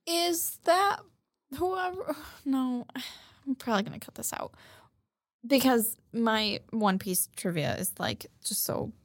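A woman's voice: fairly high pitch, expressive, slow pace, no room sound, studio quality. A woman co-hosting a podcast, speaking hesitantly and self-deprecatingly in casual chat. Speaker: podcast co-host.

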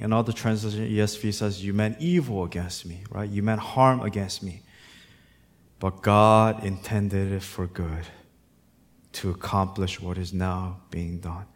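A male pastor preaching a sermon, moving between quiet, reflective passages and loud, impassioned exhortation. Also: low voice, in a large hall.

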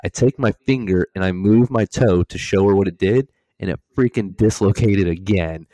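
A young man co-hosting a podcast tells stories animatedly in a casual chat, swearing and laughing as he goes. His voice is low and warm at a moderate pace, on a dry recording.

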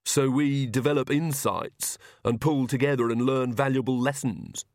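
A man's voice: mid-range voice, fairly even intonation, normal speed, dry recording, studio quality, lightly acted. A man voicing a timid, earnest young queen who talks in a hesitant, mumbling way, in an audiobook reading.

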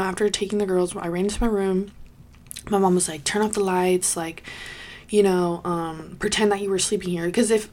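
A woman in her twenties telling a personal story on her vlog, swearing bluntly and filling her talk with "like" and "you know". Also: lowish voice. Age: 20s. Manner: acts out quoted people in lively bursts. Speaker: vlogger.

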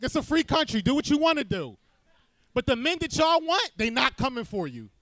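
A man's voice: very high voice, very animated, brisk, fairly bright tone, no room sound. A man hosting a live podcast debate, talking in a blunt, emphatic and profane way. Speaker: podcast host.

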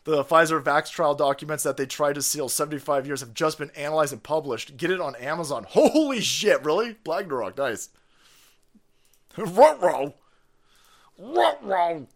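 A man hosting a livestream, ranting casually in a profane, animated way and often breaking into laughter. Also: on the high side, a little fast, hardly any pauses. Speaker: livestream host.

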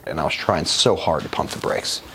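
A man's voice: a bass voice, very animated, a little fast, creaky, bright, forceful tone, slight background noise. A man guest in an interview, telling his own life story in a frank, conversational way with casual swearing. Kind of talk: candid personal storytelling.

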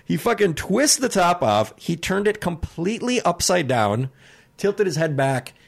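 Young guy cohost telling a wild story, swears a lot, laughs, yells the quotes. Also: high voice, sing-song, a little slow, vocal fry. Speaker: podcast co-host. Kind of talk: casual storytelling chat.

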